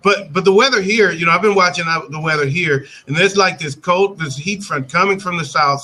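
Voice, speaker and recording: Bright-voiced chatty male host. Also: high-pitched, fairly quick, hardly any pauses, low-quality recording. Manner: chatty, restarts often, laughs easily. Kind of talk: casual live-stream chat. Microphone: video call.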